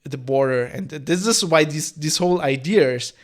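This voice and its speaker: Podcast host, slightly high voice. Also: male voice, moderate pace. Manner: discursive, explaining history in long winding asides. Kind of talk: live-streamed solo podcast monologue.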